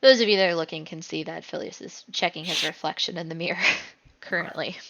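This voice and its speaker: A woman's voice: low voice, steady tone, fairly quick, fairly bright tone, highs cut off. A woman acting as game master, asking players questions with light teasing. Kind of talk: running a tabletop game.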